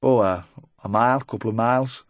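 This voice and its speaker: A man's voice: medium pitch, a little fast, no room sound, lightly acted. A man voicing a nervous, talkative middle-aged van driver who rambles and tries to joke his way through questioning. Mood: chatty, uneasy. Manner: rambling, eager to please, forced joviality.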